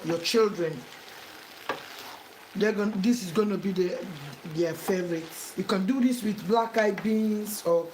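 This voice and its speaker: A woman's voice: medium pitch, mellow. A woman giving a cooking demonstration in her home kitchen, talking the viewer through each step and repeating instructions over and over. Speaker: home cook. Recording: echoey kitchen with frying noise.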